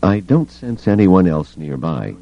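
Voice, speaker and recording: A man voicing a calm young male knight who asks quiet, measured questions, on a dull, lo-fi cassette recording. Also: deep voice, creaky, no room sound, voice pushed up, heavily acted.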